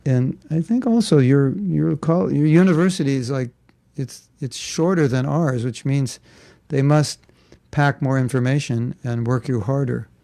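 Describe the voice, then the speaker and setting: Male spiritual teacher, gravelly, casual lecturing with rhetorical asides. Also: mid-range voice, measured pace, mellow, no room sound. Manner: conversational, rhetorical questions and joking asides. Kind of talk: informal spiritual class.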